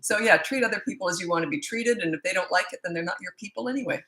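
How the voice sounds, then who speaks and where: Her fairly low, slightly bright voice moves very fast. The woman, a sixty-something parenting coach, is livestreaming from home, reading out viewers' comments and rambling casually in between.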